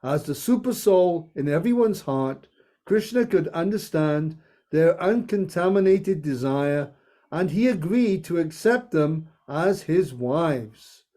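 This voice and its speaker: Guy reading a holy story to a group, high mellow voice, takes his time, jokey asides. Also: expressive. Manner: slow storytelling with playful asides and laughs. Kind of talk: reading scripture aloud to a group.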